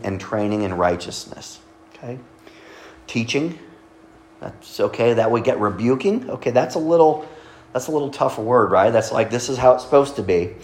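A male pastor giving a conversational sermon, asking his congregation questions and pausing over his words. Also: lowish voice, echoey room, rough recording. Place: church sanctuary.

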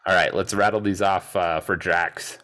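A man's voice: low voice, moderate pace. A man co-hosting a podcast, chatting casually about a film, laughing easily and poking fun at himself. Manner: laughs easily, lively and self-deprecating. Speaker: podcast co-host. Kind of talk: casual chat about a movie.

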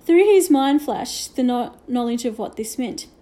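A woman reading a children's novel aloud with gentle storytelling and hushed asides. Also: a little high, lively intonation, a little slow. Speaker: reader.

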